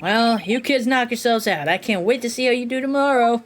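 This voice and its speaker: A woman's voice: a little high, a little fast, faint music behind, close to an everyday voice. A woman voicing a cheerful, overconfident male detective who misses the obvious. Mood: jolly.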